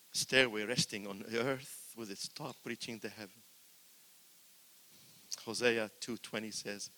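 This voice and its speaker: An older man preaching a sermon in a church, swinging between loud exclamations and quiet asides, repeating words for emphasis. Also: medium pitch, big-room sound.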